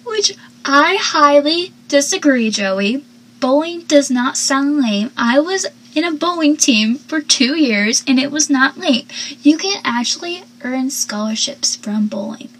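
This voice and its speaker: A woman's voice: high voice, animated, measured pace, rough recording. A young woman casually recapping a TV episode, rambling, talkative and full of asides.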